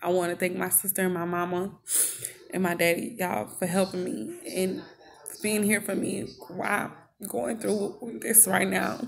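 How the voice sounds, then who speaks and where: A young woman in a tearful, heartfelt personal vlog, speaking in halting bursts with many restarts. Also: medium pitch, level tone, creaky, a crowd in the background. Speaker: vlogger.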